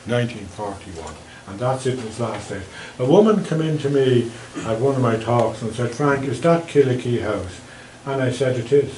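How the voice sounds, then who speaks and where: A man's voice: mid-range voice, animated, normal speed, few pauses, darkish tone, a little hiss or hum, poor audio. A man with an Irish accent giving a local history talk with slides, telling stories in a chatty, wry way. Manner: anecdotal, chatty, wry asides.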